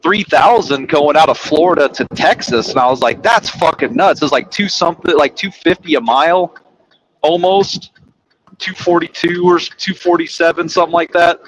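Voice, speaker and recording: Rambling profane trucker man, higher voice. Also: normal speed, low-quality recording. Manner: rambling, profane, acts out quoted people. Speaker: truck driver. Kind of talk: casual storytelling chat.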